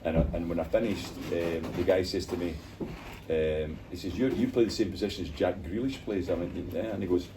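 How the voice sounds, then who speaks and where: An older Scottish man, a former footballer, telling animated stories in an interview and acting out the voices of people he quotes. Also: deep voice, brisk. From Scotland. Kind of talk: storytelling interview in a bar. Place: bar. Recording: distant mic, noisy bar.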